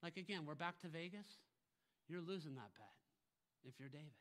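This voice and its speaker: A man's voice: a little high, animated, normal speed. A pastor preaching a sermon, emphatic, often putting rhetorical questions to his congregation.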